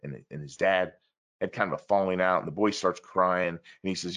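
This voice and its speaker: A man with a somewhat low voice telling a story in a conversational interview. He is earnest and urgent, and he swings his pitch and volume hard as he acts out the other people's lines. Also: moderate pace. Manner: animated, acts out quoted dialogue with big shifts in pitch and loudness.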